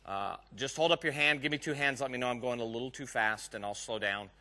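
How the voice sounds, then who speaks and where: A man's voice: mid-range voice, a little fast, pushed and bright. A man from Texas with a Southern accent gives a live technical conference talk, chatty and joking with the audience in the room. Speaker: conference speaker.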